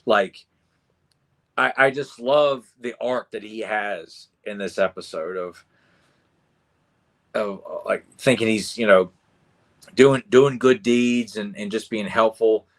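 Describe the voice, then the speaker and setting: A man co-hosting a casual podcast that reviews cartoon episodes, retelling scenes with animated enthusiasm. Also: lowish voice, takes it slowly, long pauses. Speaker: podcast co-host.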